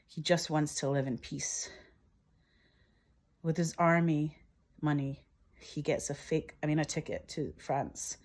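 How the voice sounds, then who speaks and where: Low-voiced woman enthusing over her screenplay. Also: a little mellow. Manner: enthusiastic, laughs at herself, emotional. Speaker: filmmaker describing her screenplay. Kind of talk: animated scene-by-scene retelling.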